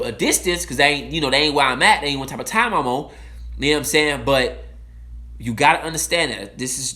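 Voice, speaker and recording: A blunt, profane man speaking in a fairly high, bright voice that rises and falls with wide, lively swings. He drives his points home with emphasis, then drops into slower, lower asides. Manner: swings from loud outbursts to low, slow asides. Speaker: speaker giving a timed talk. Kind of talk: impassioned monologue.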